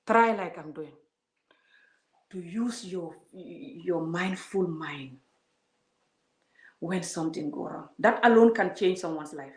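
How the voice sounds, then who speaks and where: A woman giving an emphatic, preachy vlog monologue, full of repeated words and rhetorical questions. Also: fairly low pitch. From Gambia. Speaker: vlogger. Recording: roomy echo.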